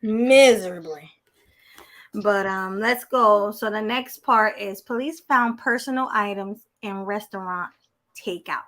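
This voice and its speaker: Bright-voiced woman podcast co-host. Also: mid-range voice, a little slow. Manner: laughs often, blunt and sassy. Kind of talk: reading news aloud and casual chat.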